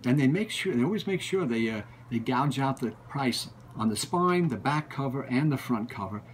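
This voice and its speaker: A male book collector spins casual stories in a middle-pitched voice, restarting phrases and circling back on himself. A faint hiss of background noise sits under the talk. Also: low-quality recording. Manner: rambling, repeats and restarts phrases. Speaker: book collector and show regular. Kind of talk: casual storytelling.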